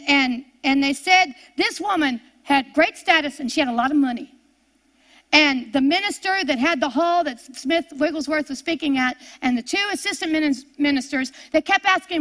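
A woman preacher telling a story in a sermon, repeating her words and swinging between emphatic and hushed delivery. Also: high-pitched.

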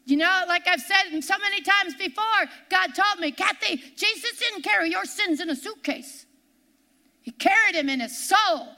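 A woman pastor preaching a sermon in a church, repeating her lines and slowing down to cry out the verses she reads. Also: very high-pitched. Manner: impassioned preaching, repeats lines, slows and shouts on scripture.

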